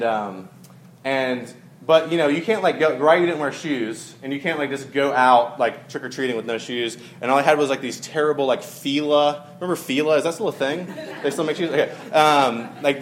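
A man's voice: mid-range voice, a little hiss or hum. A man giving a casual, conversational sermon to a live audience, with many fillers and joking asides. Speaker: preacher.

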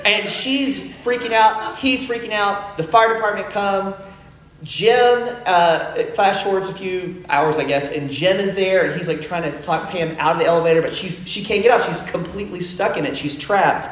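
Brief: young male preacher, slightly high voice, relaxed chatty delivery, roomy echo with faint background hum. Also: normal speed. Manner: casual storytelling with many fillers. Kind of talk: sermon. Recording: echoey room, faint ambience.

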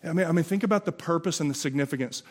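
Impassioned Southern US pastor, higher voice. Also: male voice. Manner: impassioned, conversational, with quick repeated restarts. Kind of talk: Easter sermon.

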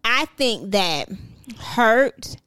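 A woman's voice: on the high side, sing-song, extremely slow, pushed and bright, clear, resonant tone, no room sound. A woman co-hosting a casual talk show, speaking frankly and telling stories. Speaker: co-host. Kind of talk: casual podcast chat.

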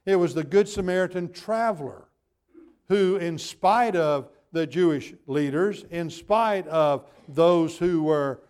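A pastor delivers a sermon in a somewhat high voice for a man. He stacks phrases on top of one another and leans hard into each repetition. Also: slow, a little mellow, smooth. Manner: emphatic preaching with building repetition.

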